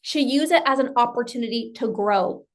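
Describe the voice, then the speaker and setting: A woman coach delivers an emphatic motivational talk at a moderate pace, her pitch fairly high. She often acts out what her client is thinking and repeats phrases for effect.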